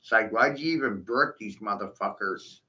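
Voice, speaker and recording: A man's voice: on the low side, normal speed, bright, forceful tone. A man in a profane, mocking rant, taunting his listeners and breaking into scornful laughs. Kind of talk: ranting monologue. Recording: dull lo-fi recording.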